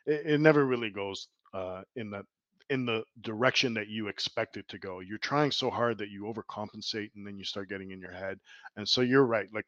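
A man's voice: fairly low pitch, fairly bright tone, dry recording. A man giving emphatic, rambling opinions as a guest in a casual sports chat. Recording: dull, dry lo-fi sound.

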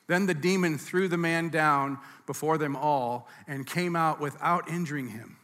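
Pastor, male, conversational sermon delivery, slightly high voice, reverberant room. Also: measured pace, few pauses, fairly bright tone. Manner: conversational teaching, asides and restarts. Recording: reverberant hall.

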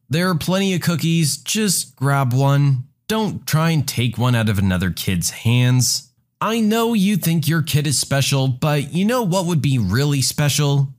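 A man narrating a submitted first-person story in a sarcastic, mocking storytelling manner. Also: mid-range voice.

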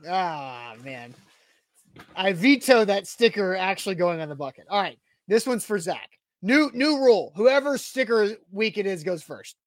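Brief: relaxed male show host, casual sports talk, dry recording. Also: high voice, normal speed, dry recording. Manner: easygoing, laughs along.

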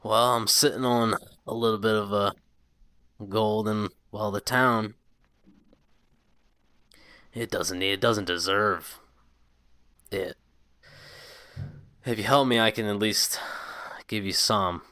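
A drunken young man, self-pitying and rude, rambling bitterly and snapping insults, as a game master puts him on. The voice sits low and rings bright and forceful. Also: steady tone, slow, pauses often, clear, resonant tone, dry recording.

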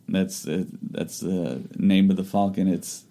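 Low mellow-voiced man chatting. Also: fairly even intonation, unhurried, creaky. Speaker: podcast co-host. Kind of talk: casual chat.

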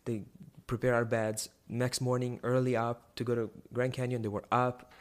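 Animated young man telling a story. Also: medium pitch, normal speed. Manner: animated, many restarts and rising emphasis. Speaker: guest sharing a testimony. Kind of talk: personal storytelling.

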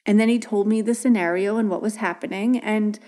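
A woman hosting a podcast, telling a story about a child in a casual, gentle way. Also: medium pitch, steady tone, brisk. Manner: warm storytelling with gentle quoted dialogue. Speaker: podcast host.

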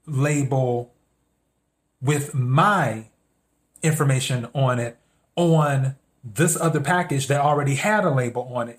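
A man hosting a podcast, telling a story in a casual, meandering monologue and acting out his own thoughts in quotes. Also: medium pitch. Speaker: podcast host.

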